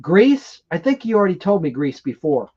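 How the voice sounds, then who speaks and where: A man hosting a live stream in a rambling, excitable manner, chatting casually and reading viewer comments aloud between trivia questions. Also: high voice, normal speed, slightly rough, dull audio. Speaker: livestream host.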